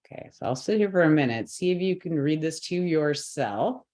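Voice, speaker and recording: A woman's voice: low-pitched, lively intonation, normal speed, mellow. A woman teaching the pronunciation of a chanted mantra, breaking it into syllables and repeating each sound patiently. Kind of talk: slow syllable-by-syllable chanting lesson.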